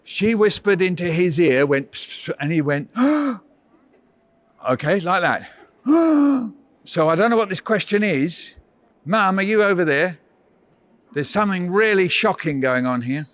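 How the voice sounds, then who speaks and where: In a school workshop run over a video call, a man entertains children with playful stories and theatrical, mock-huffy teasing. His voice sits high and a bit bright, moving at a normal speed.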